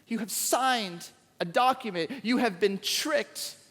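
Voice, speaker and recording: A man's voice: sits high, takes it slowly, fairly bright tone, exaggerated voice. A man voicing a grave queen who solemnly pleads and accuses before the king. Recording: echoey large hall.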